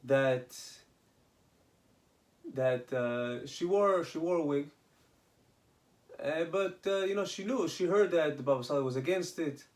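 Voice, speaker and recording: A man's voice: fairly high pitch, measured pace, pauses often, darkish tone. A man casually telling a religious story, often restarting his sentences. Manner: retells with acted quoted dialogue and many restarts.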